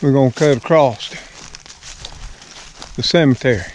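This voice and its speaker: An older man from the US Deep South with an Alabama accent, vlogging in a slow, folksy, homespun manner as he walks outdoors through the woods. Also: a little mellow, a little hiss or hum. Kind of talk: casual walking vlog. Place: outdoors in woods and on a front porch.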